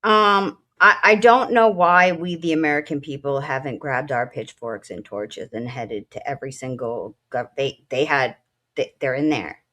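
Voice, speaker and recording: A woman's voice: extremely low pitch, normal speed, sharp tone. A woman who is a military veteran, co-hosting a casual political talk show, speaking bluntly and with feeling, full of fillers and profanity. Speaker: co-host.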